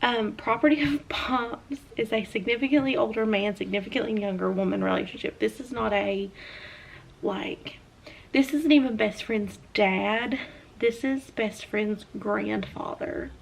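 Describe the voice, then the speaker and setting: A woman's voice: fairly high pitch, a little slow, vocal fry. A young woman with a Southern US accent, chatting casually about books she has read, with lots of fillers. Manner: chatty, animated hand talker with many fillers. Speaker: book reviewer. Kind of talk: casual chat.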